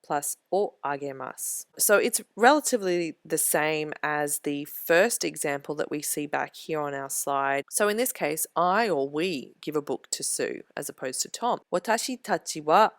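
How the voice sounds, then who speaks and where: Female language tutor, low voice, measured explainer, dry recording. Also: lively intonation, dry recording. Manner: clear, measured explaining, slows down for example sentences. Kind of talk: slide-based grammar lesson.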